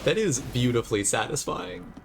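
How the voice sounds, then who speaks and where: A man's voice: medium pitch, sing-song, normal speed, background noise. A man streaming a video game and chatting to viewers with sarcastic, jokey asides. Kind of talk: live gameplay commentary.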